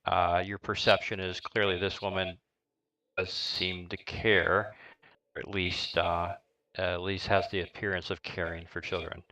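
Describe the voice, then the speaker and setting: A middle-aged man narrating a live-streamed tabletop game as dungeon master, describing scenes in a halting way with lots of fillers. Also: sits low, level tone, sharp tone, poor audio.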